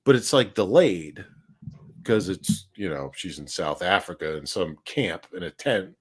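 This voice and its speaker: A man's voice: sits low, expressive, unhurried, slightly rough. A man telling a rambling, profane anecdote on a casual live stream. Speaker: livestream host.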